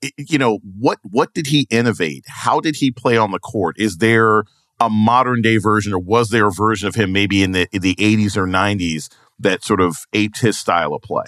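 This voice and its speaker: A man's voice: on the low side, moderate pace, fairly bright tone, no echo. A man hosting a podcast interview, asking questions in a conversational way. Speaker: podcast host.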